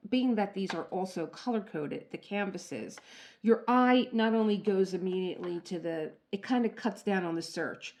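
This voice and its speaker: A woman's voice: medium pitch, vocal fry, darkish tone. A middle-aged woman hosting a craft channel, chatting casually through an unboxing and laughing at herself as she talks to the viewer. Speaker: diamond painting channel host.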